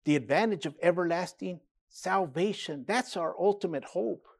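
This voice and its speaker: A man preaching a sermon as pastor, building emphasis and dropping low for quiet asides. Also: moderate pace, vocal fry.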